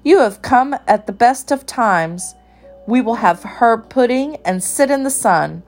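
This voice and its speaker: A woman voicing a timid, homesick little male country mouse in a storybook, speaking gently and plaintively. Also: fairly high pitch, lively intonation, a little slow, soft background music, pitched above the performer's own voice. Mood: cheerful.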